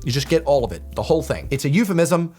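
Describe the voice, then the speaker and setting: A man's voice: fairly high pitch, animated, a little mellow, soft background music. A young man, casually joking through a quiz and reading definitions aloud with mock outrage. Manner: playful, joking, quick laughs and mock outrage. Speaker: video host.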